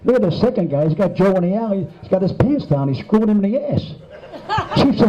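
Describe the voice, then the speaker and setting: A man's voice: sits high, very animated, fast talker, mellow. A man telling crude stand-up jokes in a casual storyteller's way. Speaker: comedian. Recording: muffled lo-fi club recording.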